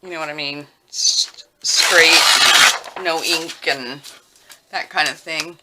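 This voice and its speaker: A woman talking casually while she works on a craft project at home, rambling and thinking out loud with lots of fillers. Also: low-pitched, fairly even intonation, takes it slowly. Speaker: crafting vlogger. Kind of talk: casual craft tutorial chat. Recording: noisy with clicking sounds.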